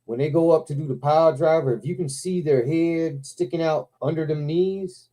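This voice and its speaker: A man with a very dark, mellow voice chats casually on a live stream. He tells stories with loud excitement, swears freely and drops "man" into most lines. His speech has a laid-back, sound. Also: a little high, moderate pace. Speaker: host of a live toy stream. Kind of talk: casual chat.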